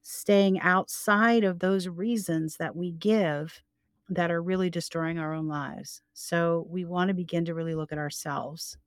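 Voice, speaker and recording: An older woman co-hosting a faith podcast, speaking slowly and gently as she gives advice. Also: on the low side, steady tone, dry recording, clean studio sound. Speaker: co-host. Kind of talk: faith-based podcast chat.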